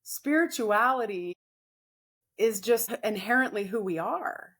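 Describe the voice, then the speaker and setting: A woman co-hosting a podcast in casual chat, reflective and gentle, often restarting her sentences. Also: on the high side, expressive, a little slow. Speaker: podcast co-host.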